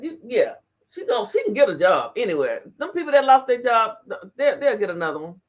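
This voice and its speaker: A woman hosting a casual livestream, reading the chat aloud and laughing often. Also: a little high. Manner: animated, laughs often, talks back to chat. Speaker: talk show host reading live chat.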